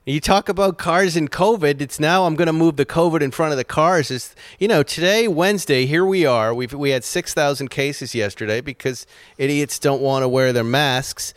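A man's voice: on the high side, normal speed, hardly any pauses, no room sound, studio quality. A man hosting a podcast, chatting casually and rambling, often laughing at his own jokes. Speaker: podcast host. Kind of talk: casual chat.

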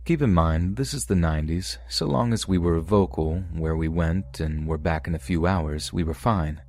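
Male podcast narrator, deep low voice, steady measured read of first-person scary stories. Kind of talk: reading submitted first-person true horror stories.

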